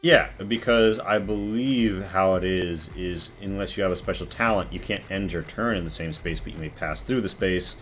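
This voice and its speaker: A man narrating as game master, relaxed and rambling with many fillers. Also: low voice, moderate pace, hardly any pauses, faint music behind.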